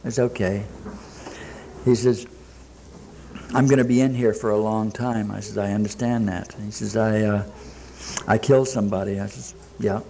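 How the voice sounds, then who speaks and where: With a lowish, creaky, dark voice, this man recounts his recovery to a live audience in a meeting room. He speaks at normal speed with fairly even intonation and long pauses, in plain talk full of quoted dialogue and dry jokes.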